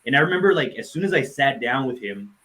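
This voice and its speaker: A man speaking heartfelt words in memory of a friend during a live online session, pausing often and restarting his sentences. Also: medium pitch, expressive, bright, forceful tone, rough recording. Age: adult, parent of a nine-year-old. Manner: heartfelt, halting with many restarts and fillers. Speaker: tribute speaker.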